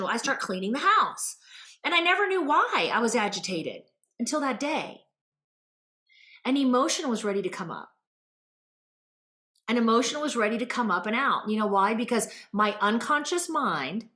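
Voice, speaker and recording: A woman hosting a show, telling a personal story in a casual, animated, rambling way with many fillers. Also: a little high. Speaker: host. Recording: roomy echo.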